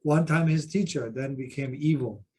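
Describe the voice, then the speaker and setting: A man's voice: medium pitch, moderate pace, darkish tone, slightly rough. A man who teaches Buddhism, sharing anecdotes with self-deprecating humor in a group discussion at a seminar.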